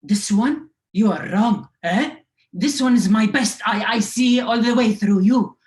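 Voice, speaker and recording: A woman voicing her blunt 85-year-old father, loud and indignant. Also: a little high, unhurried, reverberant, recorded from a distance, voice pushed up, close to an everyday voice.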